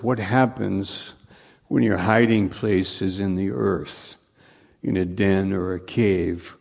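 A man's voice: on the low side, steady tone, slow pace, creaky, darkish tone, slightly rough. A man preaching a conversational sermon, repeating phrases for emphasis. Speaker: pastor.

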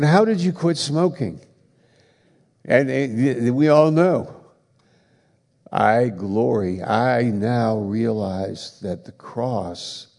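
A man preaching a sermon, slow and emphatic, building to forceful passages. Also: medium pitch, vocal fry, big-room sound. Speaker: pastor.

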